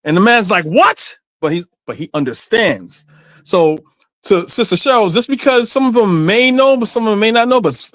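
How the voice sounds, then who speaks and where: A man speaking as a panelist in a loose discussion. His pitch sits a little high for a man, and he tells stories animatedly, restarting his sentences often. The sound is dry and close. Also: dry recording. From Guyana. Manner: animated storytelling with many restarts.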